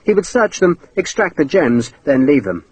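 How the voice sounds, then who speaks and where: A man narrating an audiobook in a dramatic, expressive way. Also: fairly high pitch, moderate pace, breathy edge, poor audio. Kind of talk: scripted narration.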